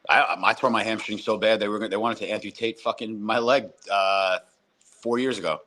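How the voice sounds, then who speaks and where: A man's voice: lowish voice, fairly even intonation, a little fast, bright, forceful tone. Man, casual sports podcast co-host, rambling and profane, faint hiss behind. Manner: profane, rambling, mimics announcers.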